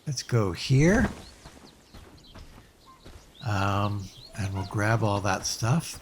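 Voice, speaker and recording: Slow, musing man narrating gameplay. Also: on the low side, expressive, a little hiss or hum. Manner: musing aloud, hesitant restarts. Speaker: let's play host. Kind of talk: casual gameplay commentary.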